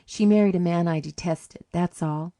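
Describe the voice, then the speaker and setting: A woman's voice: on the low side, moderate pace, mellow, no room sound, lightly acted. A woman voicing a bitter, grim older woman who lives alone with a cat, in a blunt and dry way.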